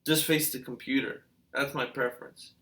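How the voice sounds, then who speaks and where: A man hosting a reaction video, talking in a casual, rambling way with many fillers and restarts, musing and asking questions out loud. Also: mid-range voice, fairly even intonation, moderate pace. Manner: hesitant, full of fillers and restarts.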